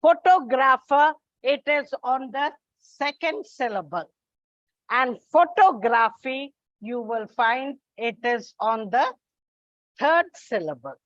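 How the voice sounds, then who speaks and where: A woman teaches an English exam coaching lesson at a slow, deliberate pace. She spells out letters and repeats the key points. The sound is dry and a little dull and lo-fi. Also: a little high, expressive, a bit bright, dry recording.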